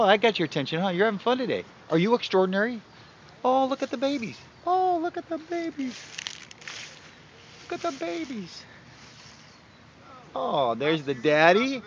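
A man vlogging outdoors in a parking lot, talking to ducks in a coaxing, sing-song baby-talk voice. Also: high voice. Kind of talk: casual outdoor vlog. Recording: dull lo-fi camera audio, faint noise.

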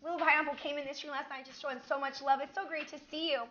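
Gushing high-voiced woman streamer. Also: little pitch movement, very fast, bright, forceful tone, muffled recording. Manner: gushing, effusive, breathless thanks. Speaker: livestream host. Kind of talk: live game stream chat. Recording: game music playing behind. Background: game music.

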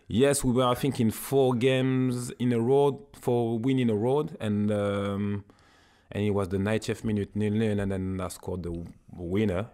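A man with a French accent, a former footballer chatting as a guest, halting and searching for his words. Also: lowish voice, steady tone, dark tone. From France. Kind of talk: casual interview chat.

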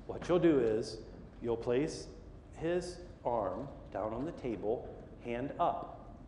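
A man's voice: medium pitch, expressive, takes it slowly, dark tone, roomy sound, in a large hall, slight background noise. A middle-aged man preaching a sermon, telling a story with lots of energy and acting out the voices and sounds. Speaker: pastor. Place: church sanctuary.

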